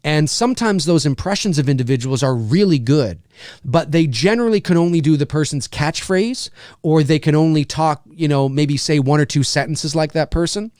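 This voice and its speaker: A man's voice: on the high side, normal speed, darkish tone, no echo, clean studio sound. A man hosting his own show as a voice actor, talking in a rambling, candid way and often restarting his sentences. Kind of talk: casual livestream talk.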